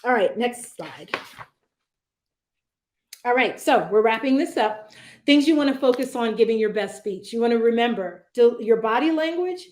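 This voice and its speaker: A woman's voice: fairly high pitch, lively intonation, moderate pace, a little mellow. Woman presenting a speaking workshop, echoey. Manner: conversational, with frequent fillers and "right?" check-ins.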